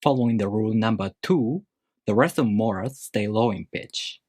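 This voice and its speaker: A man teaching a language lesson, explaining rules step by step in a measured, scripted way. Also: on the low side, darkish tone, no room sound, studio quality.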